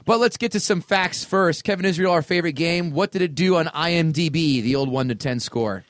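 A man's voice: on the high side, fairly quick, fairly bright tone, no echo. A man with a Long Island accent co-hosting a podcast, bantering casually and swearing freely. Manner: brash, profane banter. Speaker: podcast co-host. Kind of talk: casual chat.

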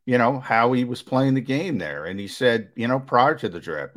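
On sports talk radio, this male co-host walks listeners through his opinion, steady and explanatory in manner. There's liveliness in his pitch, and he leans on filler words and restarts as he talks.

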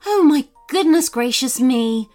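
A woman's voice: high-pitched, big pitch swings, normal speed, faint music behind. A woman voicing a busy, distracted mother in a children's story, fussing and flustered. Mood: astonished.

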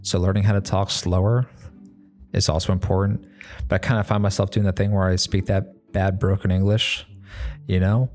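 A man's voice: sits low, flat delivery, moderate pace, darkish tone, faint music behind. A man, a mechanic, talking in a loose, rambling monologue full of fillers and restarts, swearing now and then. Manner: laid-back, swears casually. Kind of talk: casual monologue.

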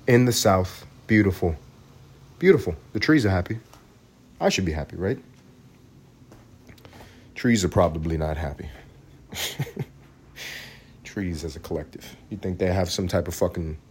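Man, low husky voice, solo comedy podcast, animated swearing rant. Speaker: podcast host.

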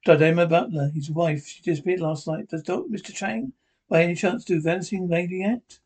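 A man's voice: sits high, fairly even intonation, fairly quick, darkish tone, slightly rough. A man reading the lines of an eccentric male time-traveller hero in a script read-through. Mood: inquisitive.

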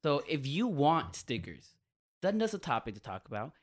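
A man's voice: a little high, big pitch swings, normal speed. A man co-hosting a podcast in casual chat, plugging merchandise in a dry mock-ad tone. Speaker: podcast co-host.

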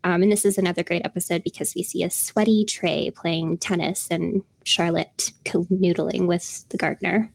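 A woman's voice: fairly low pitch, fairly even intonation, moderate pace, gravelly. A young woman co-hosting a podcast, chatting casually with frequent laughs and fillers. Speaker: podcast co-host.

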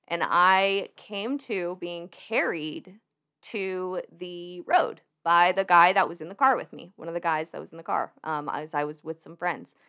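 A young woman with a lowish, clear, resonant voice tells a personal story as a podcast guest, speaking at a measured pace. She's chatty and animated, laughing often and sprinkling in plenty of fillers as she casually recounts it.

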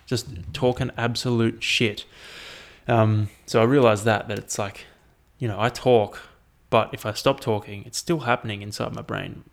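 A young man talks on his solo podcast in an easy, rambling way. His voice sits slightly low, and he drifts from story to story with casual swearing. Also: fairly even intonation, normal speed, gravelly. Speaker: podcast host.

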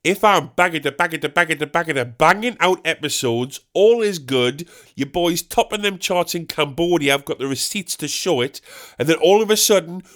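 A young man hosting a solo comedy podcast, goofy and animated, swearing freely as he rambles. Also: on the high side, normal speed. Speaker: podcast host.

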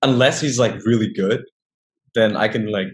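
A young man from northern Vietnam is a guest in a casual interview, speaking English as a second language with a Vietnamese accent. He sounds hesitant, using many fillers and often pausing and restarting, and his fairly low voice comes through on poor audio.

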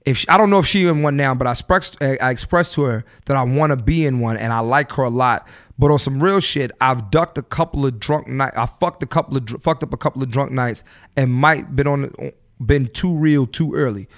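Blunt, profane podcast host man in his thirties. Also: fairly quick. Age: 30s. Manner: animated, voice jumps up high when fired up; blunt, swears freely, slangy street talk. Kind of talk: solo podcast rant, casual and profane.

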